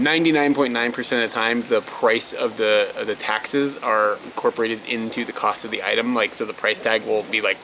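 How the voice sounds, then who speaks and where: Low gravelly-voiced man chatting casually. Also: noisy background. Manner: rambling, many "like" fillers. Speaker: vlog co-host. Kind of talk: casual Q&A chat. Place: indoors, living in Japan.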